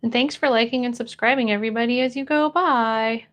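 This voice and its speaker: A woman's voice: fairly even intonation, brisk, a bit bright. Bubbly woman greeting her live chat. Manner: bubbly, greets viewers in high bursts. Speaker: streamer reading chat. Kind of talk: casual live-stream chat.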